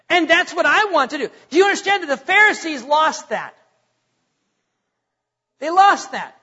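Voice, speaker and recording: A pastor preaching a sermon in an unusually high, bright and forceful voice. He speaks earnestly, stumbling over repeated words and putting questions to his congregation. The recording is dull and muffled, with a long reverb trailing from the church hall. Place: church sanctuary.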